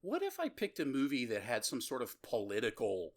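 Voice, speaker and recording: A man's voice: medium pitch, huge pitch swings, fairly quick. A man co-hosting a podcast in casual chat, rambling and laughing often. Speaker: podcast co-host.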